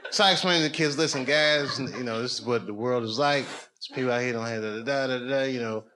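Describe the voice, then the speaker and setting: A man doing loose stand-up storytelling on a comedy club stage. He rambles, dropping to low mutters and then rising into loud, excited bursts. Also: quick pace. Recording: noisy live club recording.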